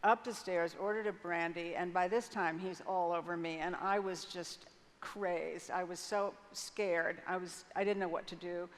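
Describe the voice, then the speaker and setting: A woman's voice: lowish voice, steady tone, measured pace. Older woman recounting frankly on stage. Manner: frank, vivid retelling with hesitant restarts. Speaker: interview guest. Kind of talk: candid personal storytelling on stage. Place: large conference hall stage. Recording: long hall reverb, faint noise.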